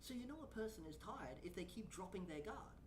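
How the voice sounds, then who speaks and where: A woman's voice: mid-range voice, expressive, brisk, reverberant, far from the mic, noisy background. A woman VTuber streamer giving blunt, profane reaction commentary and ranting at what she watches.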